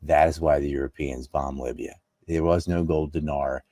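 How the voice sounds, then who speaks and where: A man's voice: very deep voice, fairly even intonation, moderate pace, mellow, no room sound, clean studio sound. A man from North Carolina, a political commentator in a conversational interview, talking emphatically and firing off rhetorical questions.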